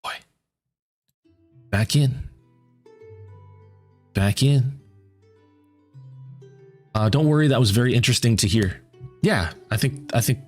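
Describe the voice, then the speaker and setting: A man streaming a game and chatting casually with viewers, rambling and repeating words as he thinks aloud, his voice going hoarse. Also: fairly low pitch. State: losing his voice.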